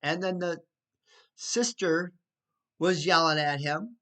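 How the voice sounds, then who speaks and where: A man recounts a neighbor dispute in an unhurried, casual storytelling voice. He sounds indignant and slips into sarcastic asides. His pitch sits a touch high for a man, and he often stops to restart a thought. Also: a bit bright. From United States. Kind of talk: casual spoken storytelling to camera.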